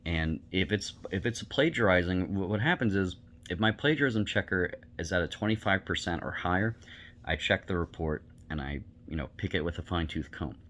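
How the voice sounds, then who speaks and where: A man's voice: low voice, animated, a little fast, fairly bright tone. A male teacher giving a recorded online lecture, talking bluntly and conversationally with many fillers.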